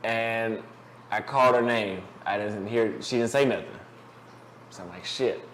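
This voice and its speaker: A man's voice: fairly low pitch, unhurried, a bit bright. A young man talks straight to camera in a loose, profane vlog, rambling through dating advice and a personal story. He restarts often and swears freely as he goes. A faint hiss sits under the voice. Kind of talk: casual monologue to camera.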